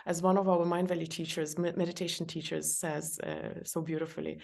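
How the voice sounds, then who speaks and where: Middle-aged female podcast guest with a gravelly, lowish voice, chatty and given to laughter. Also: flat delivery, brisk. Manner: warm, laughs often, gives practical advice. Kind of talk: podcast conversation.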